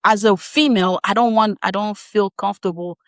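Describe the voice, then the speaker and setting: Woman guest telling a story, lively and chatty, dry close sound. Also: mid-range voice, no room sound. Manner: animated, laughing, quick asides. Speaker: podcast guest. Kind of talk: casual storytelling.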